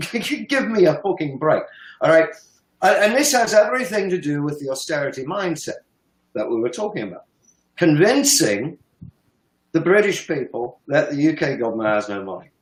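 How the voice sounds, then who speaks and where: A man's voice: fairly high pitch, expressive, normal speed, roomy sound, poor audio. A man in his fifties giving heated, emphatic political commentary, sometimes swearing and laughing scornfully. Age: 50s. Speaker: guest commentator.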